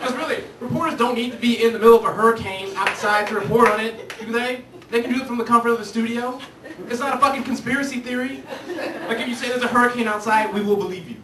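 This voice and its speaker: A man's voice: very high voice, steady tone, quick pace, background noise. A male stand-up comedian on a club stage, ranting in a brash, profane way. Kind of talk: stand-up routine. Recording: roomy, distant club recording, loud audience laughter.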